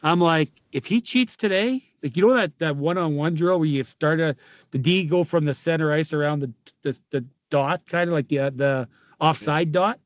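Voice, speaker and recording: A Canadian man in his fifties tells rowdy hockey stories in a casual chat, swearing freely, laughing, and acting out each quote. His voice sits a little high, and the sound is close and dry with no room echo. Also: moderate pace. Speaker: podcast guest, former pro hockey player. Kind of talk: casual storytelling.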